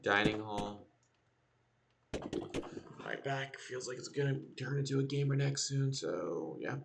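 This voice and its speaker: A man streaming a building game, rambling and thinking aloud as he plans, recorded from a distance over loud background noise. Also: mid-range voice, measured pace, vocal fry. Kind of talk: casual gameplay commentary.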